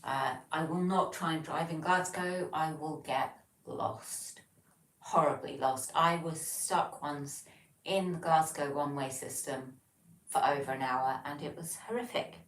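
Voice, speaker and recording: A woman's voice: low voice, unhurried, roomy sound, distant mic, a little hiss or hum, low-quality recording. A woman from England with an English accent, hosting a livestream, chatting casually and reading out viewer comments with lots of ums and restarts. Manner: rambling, frequent ums and self-corrections. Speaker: livestream host. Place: home, living alone.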